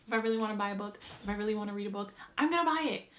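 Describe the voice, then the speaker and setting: A young woman chats through a book tag on her vlog, lively and informal. She talks with plenty of slang and drops the occasional swear word. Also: mid-range voice. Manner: chatty and animated, with slang and swearing. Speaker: book vlogger. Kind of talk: casual chat answering a book tag.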